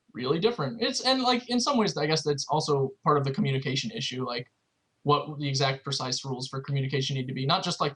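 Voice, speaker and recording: A man's voice: fairly high pitch, a bit bright, rough recording. A man co-hosting a casual chat, thinking aloud with many filler words. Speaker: podcast co-host.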